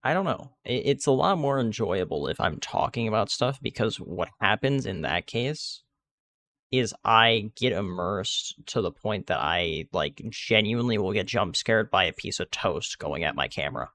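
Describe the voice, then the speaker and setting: Lively gravelly man talking through gameplay. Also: fairly low pitch, moderate pace. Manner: rambling, restarts sentences, many fillers. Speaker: gaming video creator. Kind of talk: casual gameplay commentary.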